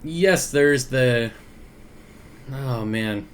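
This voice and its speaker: A man's voice: mid-range voice, extremely slow, slight background noise. A man hosting an aquarium livestream in easygoing, casual chat. He reads viewer comments aloud, greets people by name and chuckles often.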